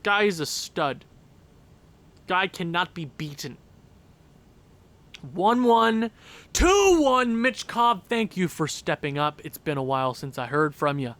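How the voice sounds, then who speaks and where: A young man commentating a hockey video game with a worn-out voice, yelling and repeating himself at big plays. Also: a little high, normal speed. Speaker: gaming YouTuber. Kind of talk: excited play-by-play over a hockey video game.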